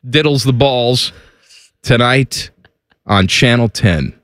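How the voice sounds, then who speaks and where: A man's voice: medium pitch, takes it slowly, a bit bright, no echo. Dry-witted male sports radio host. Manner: dry, wisecracking.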